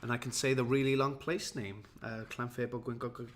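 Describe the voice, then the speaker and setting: A man's voice: mid-range voice, steady tone, normal speed, slight background noise. Tired, rambling man streaming. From Wales. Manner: rambling, self-mocking, chatty with viewers. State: tired and jetlagged. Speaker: livestream host. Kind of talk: casual livestream chat.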